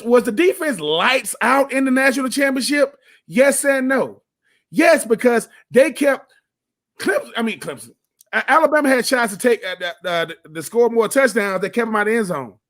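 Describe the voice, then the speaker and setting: A man with a strikingly high voice talks sports on the radio. He is emphatic and folksy, hammering points home with repeated phrases and quick restarts, like a former player holding court. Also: fairly bright tone.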